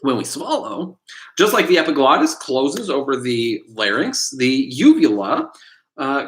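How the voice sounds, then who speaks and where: A man's voice: medium pitch, low-quality recording. A middle-aged man teaching exam prep on a live stream, rambling casually and firing questions at viewers. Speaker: test prep instructor. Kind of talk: live-stream quiz lesson. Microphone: computer mic on a live stream.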